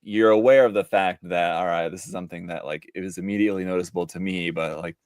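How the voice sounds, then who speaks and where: A man hosting a casual interview, relaxed, with frequent short backchannels. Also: deep voice, fast talker, no room sound, studio quality. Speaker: interview host.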